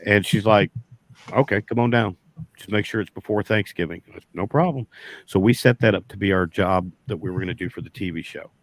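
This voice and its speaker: A very deep-voiced man with a drawl tells a long story in casual chat. His folksy, rambling delivery circles back and restarts often. The sound is dry and close, with no room echo. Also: steady tone, quick pace, hardly any pauses. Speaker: beekeeper guest.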